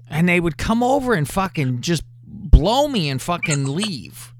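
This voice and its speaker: A man's voice: on the high side, a little slow, dry recording, clean studio sound. A man hosting a podcast, telling crude stories with constant swearing. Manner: profane, animated and full of swearing. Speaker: podcast host. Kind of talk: crude storytelling.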